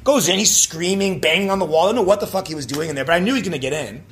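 A young man telling a story in casual chat, animated and swearing, with lots of filler words. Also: high-pitched, racing, a little hiss or hum. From Canada. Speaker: actor telling his story.

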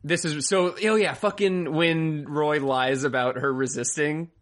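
A man's voice: fairly high pitch, steady tone, measured pace. A man in a casual recap chat, joking loosely and riffing on the story, swearing freely. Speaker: podcast co-host.

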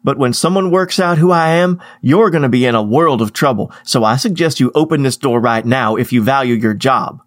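A man's voice: mid-range voice, fairly quick, few pauses, no echo, close to an everyday voice. A man doing a wild, out-of-time stranger with a strange old-fashioned foreign accent, languid yet demanding and full of threats. He sounds close and dry, with nothing around him, in a middle register. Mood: threatening.

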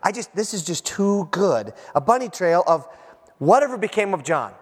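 A male pastor preaching a sermon in an animated, joking way, acting out little scenes for the congregation. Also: high voice, moderate pace, long reverb tail. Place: church sanctuary.

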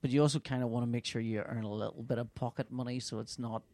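A man's voice: mid-range voice, fairly even intonation, fast, a little mellow, no echo. A middle-aged man, a comic artist, chatting casually and telling stories animatedly, stammering and laughing often. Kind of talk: casual podcast chat.

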